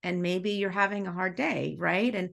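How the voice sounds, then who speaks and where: A middle-aged woman, a school's executive director, telling a story in a podcast interview with animated feeling and an easy laugh. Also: on the low side, normal speed, gravelly. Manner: animated, acts out dialogue while telling stories; emotional, laughs easily.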